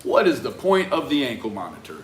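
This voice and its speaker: A man talking through a case in a reflective, conversational monologue, often tagging his points with a questioning "right?" and trailing off into quiet asides. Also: mid-range voice, big pitch swings, brisk. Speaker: commentator on a true-crime case. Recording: roomy echo with faint ambience.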